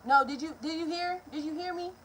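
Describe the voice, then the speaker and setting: A young woman, telling a story in a casual vlog, animated and profane. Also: very high-pitched, a little fast, noisy background. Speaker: vlogger.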